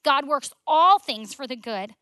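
A woman's voice: high-pitched, animated, unhurried, sharp tone, dry recording. A woman, sharing a personal faith testimony in an emotional, storytelling way full of "like" fillers, dropping at times to a near whisper. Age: 20s.

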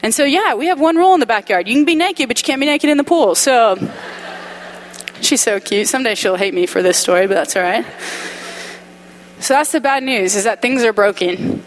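A woman's voice: on the high side, lively intonation, brisk. A young adult woman preaching a sermon, telling a personal story with candid humor.

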